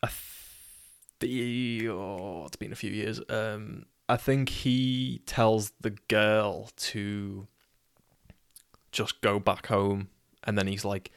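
A man's voice: on the low side, fairly even intonation, slow pace, vocal fry, clear, resonant tone, dry recording, studio quality. A young man with a Scouse accent telling a rambling, wry, swear-heavy anecdote. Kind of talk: casual storytelling.

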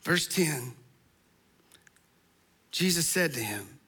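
A man preaching a sermon, passionate and emphatic, sometimes sinking to a soft hush for stress. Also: high-pitched, animated, measured pace, long pauses.

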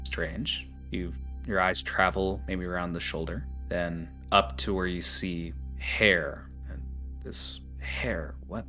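A man narrating as the game master of a tabletop role-playing game, describing scenes in a relaxed way with frequent fillers. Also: sits low, slow pace, faint music behind.

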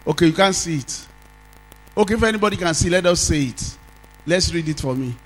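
A man's voice: a little high, expressive, brisk, fairly bright tone, low-quality recording. A Nigerian man preaching a sermon as pastor, leading call-and-response and drawing out sung phrases.

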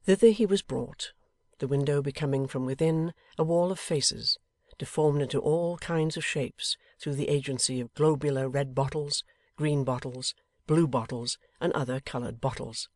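A man reading a classic novel aloud as an audiobook narrator, in a measured, dramatic way. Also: mid-range voice, no echo, studio quality. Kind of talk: scripted narration.

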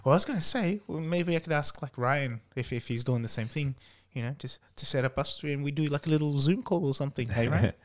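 A man chatting casually with his brother in an easygoing, relaxed way. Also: on the high side, fast talker. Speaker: guest, host's brother. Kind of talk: casual chat.

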